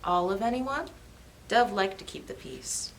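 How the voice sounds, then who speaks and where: A woman's voice: mid-range voice, a little slow, slight background noise. Woman reading a picture book aloud. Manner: lively, expressive. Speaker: storytime reader.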